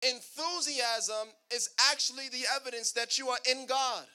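High, sharp-voiced preaching man. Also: fairly even intonation, normal speed, few pauses, smooth. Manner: preaching with call-and-response to the congregation. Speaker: pastor. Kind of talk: sermon.

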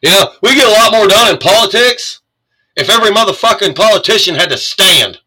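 An American commentator reads the news and reacts with an angry, sarcastic, profane political rant. His voice sits high and is expressive, fairly quick and sharp-toned, and the recording quality is low.

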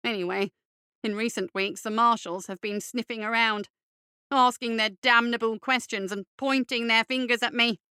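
A man's voice: extremely high pitch, fairly even intonation, normal speed, sharp tone, smooth, no echo, studio quality, full character voice. A woman voicing a thin, cowardly, foppish male bureaucrat in an audiobook, whiny, pompous and fussy. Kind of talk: audiobook character voice.

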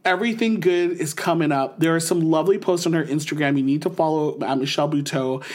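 A man co-hosting a podcast, chatting enthusiastically about a comedy special and jumping into animated voices when quoting jokes. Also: fairly high pitch, fast talker. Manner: animated, quotes jokes in lively put-on voices. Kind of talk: casual enthusiastic chat. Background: married, talks of wife Emily.

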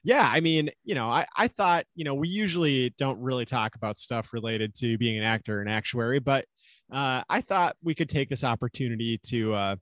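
A man's voice: medium pitch, no room sound. Laid-back Minnesotan man, dry close sound. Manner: laid-back, chuckling often. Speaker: podcast co-host, actuary. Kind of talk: casual chat. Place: home.

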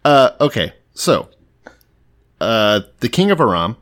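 A man from Texas co-hosting a podcast, retelling a Bible story in a profane, joking, animated way. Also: mid-range voice, takes it slowly. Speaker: podcast co-host. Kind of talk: casual comedic retelling of Bible stories.

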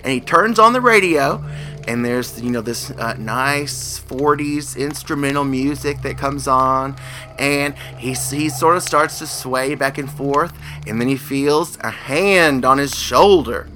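A man's voice: mid-range voice, unhurried, over music. A man telling a spooky story casually, acting out the characters. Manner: animated, acts out the characters' voices.

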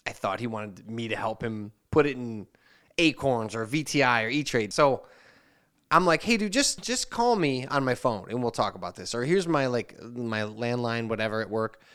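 A man with a smooth, resonant voice hosts a casual podcast chat. He tells a long, rambling anecdote and slips into little voices to quote the messages in it. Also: mid-range voice, animated, moderate pace, fairly bright tone. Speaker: podcast host.

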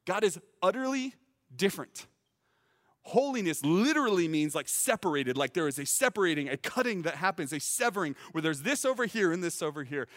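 A man preaching a sermon as teaching pastor, earnest and emphatic, often repeating words as he starts a phrase and rising to loud peaks. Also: sits high, expressive, brisk, big-room sound.

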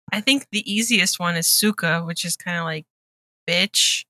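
Bright, giggly woman. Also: fairly low pitch, expressive, takes it slowly, no echo. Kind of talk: casual chat.

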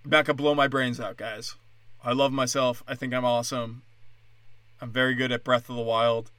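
Male comedian, podcast monologue, angry sarcastic profane rant, tense bright delivery in a dry booth. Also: mid-range voice, little pitch movement, moderate pace, dry recording.

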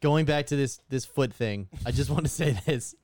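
A man in casual banter, a profane, animated storyteller who acts out what people said. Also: mid-range voice, normal speed.

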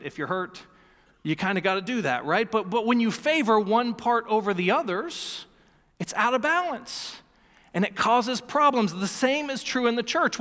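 Man, 30s, pastor, sermon, earnest, emphatic, repeats key lines, high voice, long church reverb. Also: sharp tone. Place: church sanctuary.

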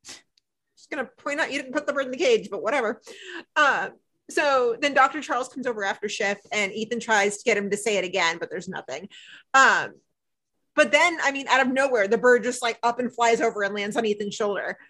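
Bright-voiced woman gabbing about a show. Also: fairly high pitch, brisk. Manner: animated retelling with quoted dialogue, frequent "like". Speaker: podcast co-host. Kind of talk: casual chat recapping a TV episode.

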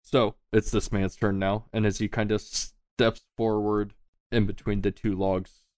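Man, game master, casual tabletop narration, low voice, dead dry recording. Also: little pitch movement, measured pace, darkish tone, no room sound. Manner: casual, laughs often, swears freely.

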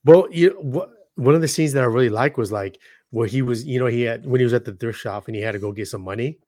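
A man co-hosting a podcast in casual chat, talking in an excitable, slangy way and acting out scenes as he goes. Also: medium pitch, fast talker, no room sound, studio quality. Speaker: podcast co-host.

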